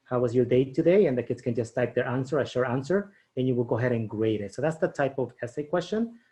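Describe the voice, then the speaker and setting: A man of ordinary, mid-range pitch runs a teacher training session, thinking aloud as he builds quiz questions. He checks in with his listeners constantly, asking "okay?" and "right?" as he goes. Keys tap now and then in the background. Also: animated, fast, dark tone. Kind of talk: screen-share training demo.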